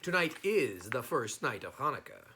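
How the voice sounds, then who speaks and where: A man's voice: mid-range voice, big pitch swings, normal speed, pushed and bright, husky, full character voice. A man voicing a clever, unflappable folk hero in a storybook reading, cheerful and teasing.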